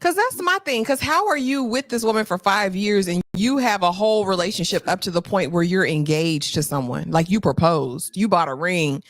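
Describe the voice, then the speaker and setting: A woman hosting a casual, slangy recap chat, telling the story with animated asides. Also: on the low side, moderate pace, few pauses, dry recording. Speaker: host.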